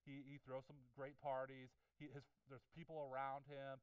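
A man's voice: medium pitch, completely flat delivery, moderate pace, smooth, no room sound, far from the mic, highs cut off. A male pastor preaching a sermon with passion, often repeating words and asking the congregation rhetorical questions. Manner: impassioned, with many restarts and rhetorical questions.

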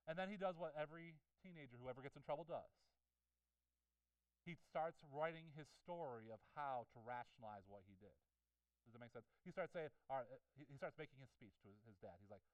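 A male pastor delivers a sermon with fervor, repeating himself and throwing rhetorical questions at his listeners. His voice is pitched a touch high and sounds smooth and clear. He stands a bit back from the microphone in a dry, dead room. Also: moderate pace, pauses often, dry recording, recorded from a distance, low-quality recording. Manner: impassioned, with many restarts and rhetorical questions.

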